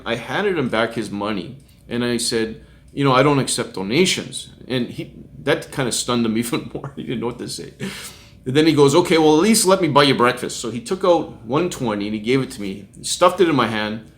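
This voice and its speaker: A middle-aged male street minister tells a testimony in a loose, conversational way. He chuckles often and slips into quick impressions of the people in his story. His voice sits at an ordinary male pitch. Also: expressive, a bit bright. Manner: chuckles often while recounting, acts out quoted voices.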